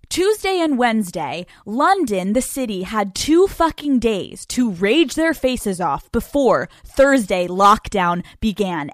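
A fairly high-voiced woman in her twenties hosts her podcast with brash, profane, self-mocking storytelling. Her voice sits close and dry on the microphone, with no room around it. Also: no room sound. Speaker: podcast host. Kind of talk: casual comic monologue. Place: hotel room. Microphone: studio microphone.

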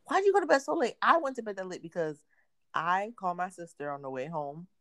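This woman's fairly low voice moves fast, in a dry recording of studio quality. She's a podcast co-host in her thirties, chatting casually and performing quotes as she tells her stories.

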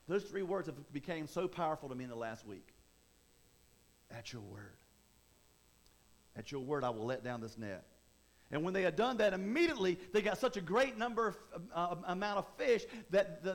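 Stammering high-voiced preacher. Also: male voice. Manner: repetitive, stammering restarts, conversational. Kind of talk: sermon.

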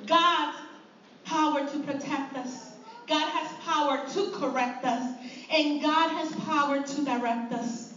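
A woman preaching a sermon in a church, impassioned, swinging from near-shouts to low, quiet lines. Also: a little hiss or hum. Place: church sanctuary. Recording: echoey hall from far off, dull.

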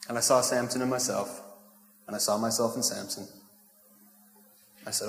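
A man leads a sermon as a pastor, chatty and playful rather than formal. His mid-pitched voice carries through a large church hall with a long, roomy echo. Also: fairly even intonation, moderate pace, gravelly, pauses often. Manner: casual, joking asides, asks the crowd "right?". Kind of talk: conversational sermon. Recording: echoey hall with long reverb.

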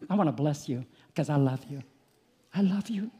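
A man's voice: fairly high pitch, lively intonation, normal speed. Impassioned preacher man in a reverberant hall. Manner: impassioned, builds to shouting peaks then drops quiet. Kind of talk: sermon.

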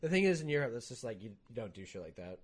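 Animated, swearing young man in casual chat. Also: mid-range voice, very fast, a crowd in the background. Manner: animated, swearing, acts out quotes loudly.

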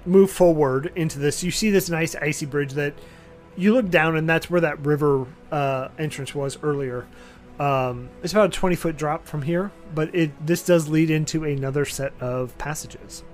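A man's voice: on the high side, moderate pace, soft background music. A man running a tabletop game as game master, casual and often laughing.

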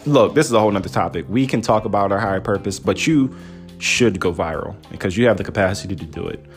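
A man's voice: fairly low pitch, quick pace, soft background music. A man hosting a podcast, chatting casually and off the cuff, full of jokes and teasing. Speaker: podcast host. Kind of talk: casual chat.

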